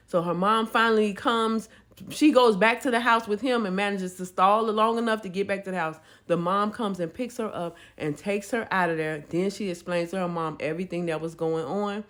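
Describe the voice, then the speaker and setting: A woman's voice: on the low side, fairly quick. A woman casually retelling a dramatic story and acting out each person's lines. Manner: animated retelling, acting out quotes.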